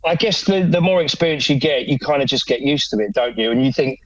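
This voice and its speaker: A man's voice: mid-range voice, a little fast, few pauses, dull audio. A middle-aged man, chatting as an actor guest on a podcast, self-deprecating and laughing often. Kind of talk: casual chat.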